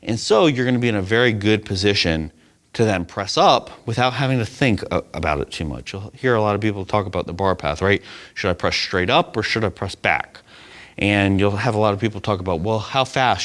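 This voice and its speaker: Guy coaching a bench press, lowish voice, steady and explainy, keeps saying right?. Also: a little fast. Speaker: strength coach. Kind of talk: instructional demonstration.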